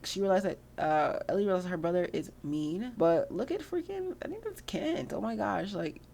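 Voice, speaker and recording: A woman's voice: mid-range voice, animated, moderate pace, vocal fry, mellow, a little hiss or hum. A young woman giving casual, slangy gameplay commentary, chatty and freely swearing. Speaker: gameplay video host.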